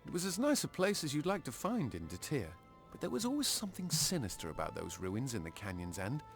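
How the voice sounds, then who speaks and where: A man's voice: mid-range voice, huge pitch swings, brisk, soft background music. An actor playing a gold-seeking male mercenary warrior in a video game, with a posh British accent and a polished, matter-of-fact delivery.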